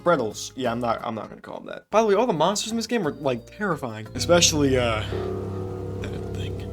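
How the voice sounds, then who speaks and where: A young man giving game review commentary, animated and ranting, with frequent swearing and laughter. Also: medium pitch, fast. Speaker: gaming video creator. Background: soft background music.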